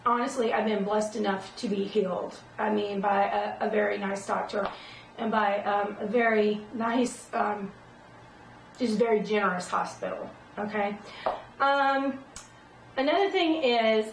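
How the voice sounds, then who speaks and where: Gravelly middle-aged woman, rambling. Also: a little high, slight background noise. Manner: rambling and emphatic, tags points with "okay?". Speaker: vlogger. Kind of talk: casual personal talk to camera. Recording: roomy echo, distant from the mic.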